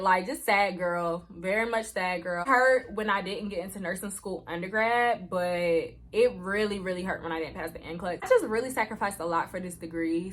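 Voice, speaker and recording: A woman's voice: medium pitch, pushed and bright. A young woman in her twenties telling a personal story to camera in a casual vlog, chatty and emotional, leaning on "like" and "y'all" as she goes from anxious to deflated. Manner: chatty, heavy use of "like" and "y'all". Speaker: vlogger.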